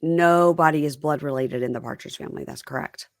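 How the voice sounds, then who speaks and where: A woman's voice: deep voice, fairly quick, creaky, no room sound, clean studio sound. A woman from the American South co-hosting a podcast, chatting in a wry, matter-of-fact way. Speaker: podcast co-host. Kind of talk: casual chat.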